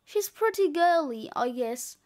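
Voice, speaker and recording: A woman's voice: high voice, animated, unhurried, darkish tone. A woman reading aloud and voicing a cocky, boastful schoolboy who is sure of his own genius. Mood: casual. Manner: boastful, breezy. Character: cocky boy, a scheming schoolkid author.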